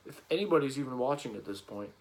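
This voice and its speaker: A man's voice: mid-range voice, expressive, quick pace, poor audio. A man vlogging casually as he cleans a gun, rambling and joking in an offhand way.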